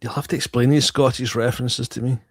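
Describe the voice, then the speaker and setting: A man's voice: medium pitch, level tone, quick pace, dry recording. A man co-hosting a casual livestream chat, trading dry, wry comebacks. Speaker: co-host.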